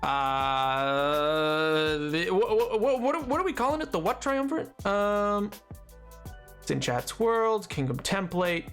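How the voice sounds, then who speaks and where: Guy streaming to chat, kinda high voice, slow rambly self-roasting talk, quiet music in the back. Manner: rambling and self-mocking, laughs often. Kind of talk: casual live-stream chat with viewers.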